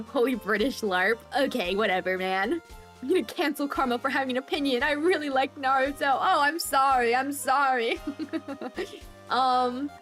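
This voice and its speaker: A woman's voice: moderate pace, fairly bright tone. Playful young woman streaming a game. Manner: playful, laughs often, bursts into high squeals. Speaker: VTuber streamer. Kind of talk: casual game livestream commentary. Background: faint background music.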